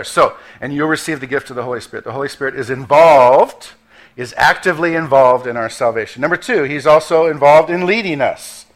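Male pastor, conversational sermon delivery, slightly high voice, slows down for emphasis. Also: fairly bright tone. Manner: conversational preaching with acted asides and slowed emphasis.

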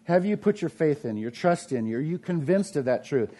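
A middle-aged man preaching a conversational sermon, asking the congregation questions and swinging between raised emphasis and quiet, low asides. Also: animated, normal speed. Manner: conversational preaching with frequent restarts and rhetorical questions. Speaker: pastor.

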